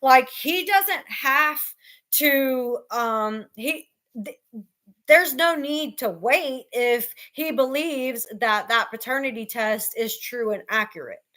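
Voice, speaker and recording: A woman hosting a casual livestream chat who explains things in a measured way, with frequent ums. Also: high voice, pushed and bright. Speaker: livestream host.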